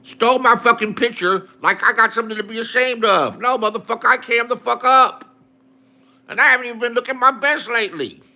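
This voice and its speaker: High-pitched angry man ranting, profane. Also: fast, few pauses, sharp tone. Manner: angry, profane, repetitive insults. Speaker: online streamer. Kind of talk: profane rant to camera.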